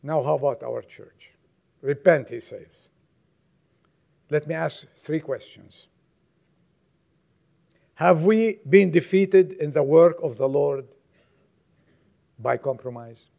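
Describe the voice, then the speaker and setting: With a gravelly voice, a male pastor delivers an emphatic sermon to his congregation, alternating booming exhortation with soft, low asides.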